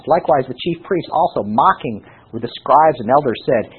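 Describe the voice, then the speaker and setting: A man preaching with a very raspy, husky voice that swings widely in pitch, sitting slightly high for a man. He teaches from scripture and keeps tossing rhetorical questions at his listeners. The sound is thin and tinny, like a phone line. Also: moderate pace. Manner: animated, rhetorical questions to the congregation. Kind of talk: sermon Bible teaching.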